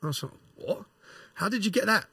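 A man's voice: sits high, fairly quick, gravelly, husky, no echo, clean studio sound. Middle aged guy on a podcast, chatty storytelling, keeps tossing in "yeah?", does the voices of people he's quoting. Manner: animated retelling, acts out quoted exchanges, tags lines with "yeah?". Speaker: podcast guest. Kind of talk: casual storytelling interview.

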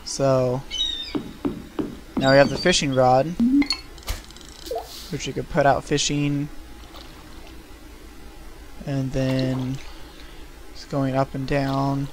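Speaking very slowly with long pauses, this young gameplay creator has a mid-range voice and offers laid-back, meandering let's-play commentary packed with fillers. The home recording has a noisy background, though the game music comes through clearly.

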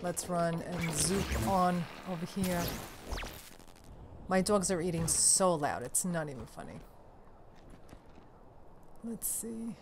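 A woman hosting casual let's-play commentary, excitable and swearing loudly at the game. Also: fairly low pitch, slow, long pauses, heavy background noise. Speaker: gameplay host. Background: game music.

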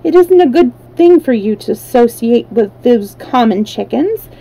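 A woman's voice: fairly high pitch, lively intonation, normal speed, dark tone, poor audio. A woman voicing a kind, well-mannered little girl who scolds her friend primly. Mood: reproving. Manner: prim, reproving.

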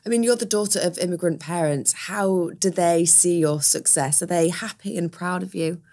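Woman, podcast host, low-pitched, friendly interviewer. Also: normal speed, a little mellow. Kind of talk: interview questions.

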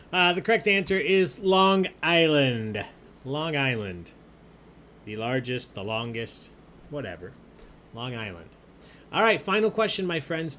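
A man's voice: on the high side, animated, unhurried, sharp tone, slight background noise. Jokey man hosting a trivia night. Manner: jokey, chatty, reads out questions and answers. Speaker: trivia host. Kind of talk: live-streamed trivia hosting.

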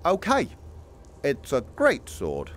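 A man giving playful, excitable running commentary while playing a VR game, chatting to a companion through a headset mic. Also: a little high, slow pace. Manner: excitable, jokey asides. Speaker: gaming streamer. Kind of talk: casual VR gameplay commentary.

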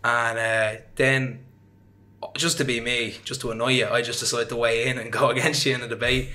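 Speaking at a normal speed, this young man from Ireland has a medium-pitched, sharp voice that stays level. He's an interview guest recounting his story casually and chattily, wandering off track, dropping lots of fillers and laughing at himself.

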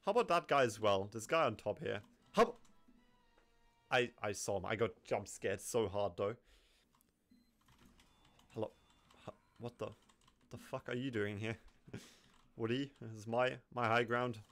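A man giving live commentary over his own gameplay, excitable, swinging from low muttering to sudden yelps and laughter. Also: unhurried, pauses often, faint music behind. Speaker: gaming commentator.

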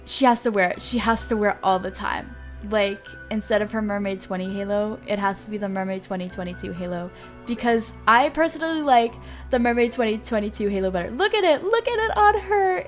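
A woman hosting a gameplay vlog, talking in a gushing, excitable way and often repeating herself. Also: mid-range voice. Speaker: gaming channel host.

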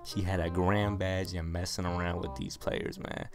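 A man's voice: sits low, level tone, normal speed, over music. A young man, a gaming YouTuber, telling a rambling, slangy comic story over gameplay.

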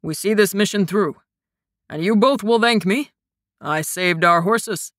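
A woman's voice: medium pitch, a little slow, dry recording, studio quality, lightly acted. A woman voicing a jovial, good-humored older man with a hearty delivery. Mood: matter-of-fact.

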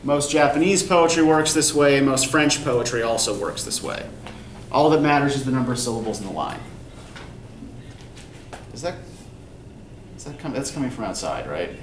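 This man speaks at a normal speed in a mid-range voice with lively intonation, pausing often as he lectures in an echoey classroom. A college English instructor, he explains things patiently and keeps checking understanding with "right?" The recorder sits at a distance, giving a roomy sound with faint background noise.

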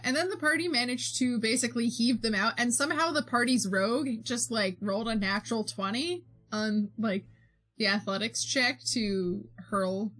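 Slow-talking young woman rambling on stream. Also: a little high, a bit bright. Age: young adult. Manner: rambling, filler-heavy recap with frequent laughs. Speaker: streamer and game master. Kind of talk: casual chat while drawing on stream.

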